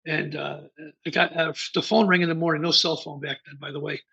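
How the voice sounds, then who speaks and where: A man's voice: fairly high pitch, fairly even intonation, brisk, gravelly, bright, forceful tone, slightly rough. A man in his sixties from the American Midwest, a band founder telling rambling stories as an interview guest, full of fillers and restarts. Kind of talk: casual interview storytelling. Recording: dull lo-fi remote interview audio.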